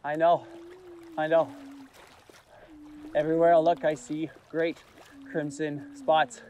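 A man acting a frightened shipwrecked gentleman, pleading anxiously and theatrically in an outdoor stage performance. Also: fairly high pitch, little pitch movement, slow pace, a little hiss or hum. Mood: desperate. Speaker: actor playing the gentleman. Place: outdoor marina platform.

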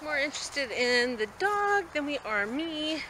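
This shelter employee's voice is high-pitched with big pitch swings and a measured pace. Filming outside on her phone amid loud noise, she chats casually to a dog, coaxing it with repeated calls and commands.

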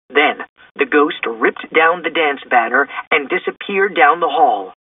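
A man reading a children's storybook aloud in an expressive way. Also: medium pitch, measured pace, husky, no room sound. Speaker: storybook reader. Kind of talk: children's book read-aloud. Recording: distant, tinny phone-like sound.

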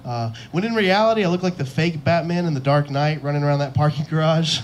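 A brisk young comedian with a voice on the high side barely pauses during his club set. He spins self-deprecating tales and voices the people he quotes.

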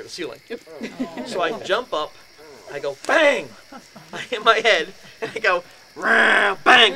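Man, middle-aged, slightly high voice, storyteller who whispers and shouts the quotes; noisy live recording with crickets behind. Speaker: speaker telling a ghost story. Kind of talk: animated storytelling to an audience. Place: indoors, house.

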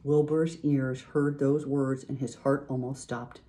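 A woman reading a children's book aloud, in an expressive, lively way. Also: a bass voice, unhurried. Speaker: reader.

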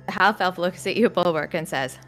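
A woman game master narrating a tabletop fantasy game in a relaxed, conversational manner, her voice sitting a bit low for a woman. Faint music runs behind her. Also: fairly quick. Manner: relaxed storytelling with fillers.

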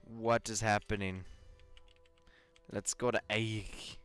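Excitable young man playing a video game. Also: mid-range voice, unhurried, smooth, faint music behind. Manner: excitable, swearing, laughing, reads game text aloud. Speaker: gaming channel host. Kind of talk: casual let's-play commentary.

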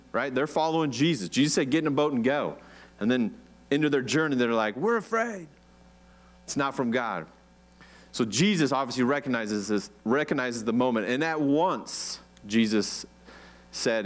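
An American man preaching a sermon as pastor, in a relaxed, conversational way, often asking his congregation questions. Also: mid-range voice. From United States. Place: church.

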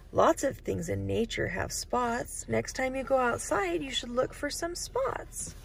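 A high, lively woman's voice leads a children's picture-book storytime, her pitch swooping up on every question to the little ones. She talks slowly and with a gravelly edge, and now and then drops to a hush. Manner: sing-song questions to kids, drops to whispers.

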